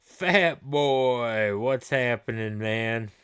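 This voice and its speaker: A man's voice: mid-range voice, very slow, a bit bright, clear, resonant tone. A man in his forties hosting a gaming live stream, chatting with viewers in a rambling, laid-back way and swearing freely.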